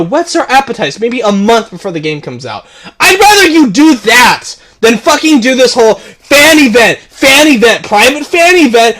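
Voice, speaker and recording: A man's voice: very high voice, a bit bright. A man delivering a heated, profane rant to camera as a gaming video creator, repeating himself and stumbling over restarts. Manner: heated, repetitive, profane ranting with stammered restarts.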